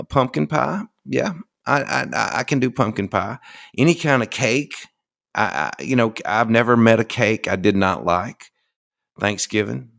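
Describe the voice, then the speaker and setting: A man's voice: sits low, fairly bright tone. A middle-aged man with a Southern American accent, talking in a folksy, rambling and enthusiastic way as a podcast host. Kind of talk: casual monologue.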